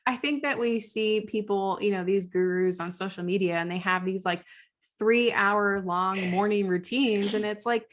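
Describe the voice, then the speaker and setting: A woman co-hosting a podcast in casual chat, a school counselor who talks quickly in loose sentences full of "like" and laughs often. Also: mid-range voice. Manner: chatty, peppered with "like", laughs often.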